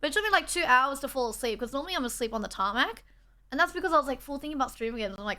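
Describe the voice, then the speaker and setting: A young Australian woman livestreams from a borrowed setup indoors, chatting casually, reading her chat and thanking viewers. Her high-pitched voice is animated, rapid-fire, pushed and bright.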